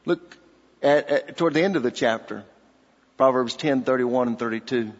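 A man preaching a sermon, mixing a family story with read scripture in a slow, deliberate manner. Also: medium pitch, in a large hall, highs cut off. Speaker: pastor.

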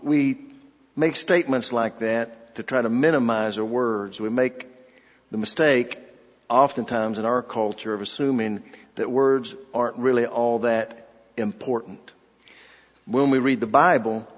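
A man delivers a sermon at a slow, unhurried pace, telling a family anecdote and reading scripture aloud. His voice carries a long reverb tail, and the sound is somewhat dull and muffled. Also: medium pitch. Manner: slow, deliberate preaching with personal stories and read scripture. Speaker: pastor.

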